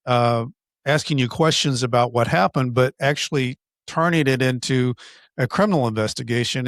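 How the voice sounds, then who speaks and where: A man hosting a podcast, asking long, deliberate questions with occasional stammers. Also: mid-range voice, dry recording, studio quality. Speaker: podcast host. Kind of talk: interview questions.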